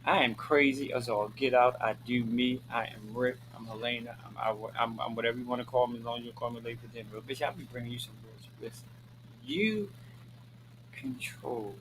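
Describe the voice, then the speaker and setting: A Maryland man hosts his own show, chatting casually to viewers in a sassy, flamboyant style, calling them honey and girl and cursing freely. His medium-pitched voice holds a level tone as he talks fast with few pauses against a noisy background. It's a casual talking-head monologue, preachy and emphatic, with lines repeated for effect.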